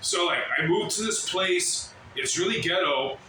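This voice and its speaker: A man ranting casually to the camera at work, rambling and swearing as he mimics other people's shouts. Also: high-pitched, lively intonation, a little slow, distant mic, background noise. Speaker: vlogger. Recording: very echoey, from off the mic.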